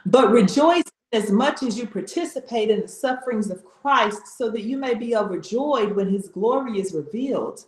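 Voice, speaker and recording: Woman, casual faith talk, animated and slangy, bit high, recorded in an echoey room. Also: moderate pace, hardly any pauses. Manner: animated, slangy, repeats herself.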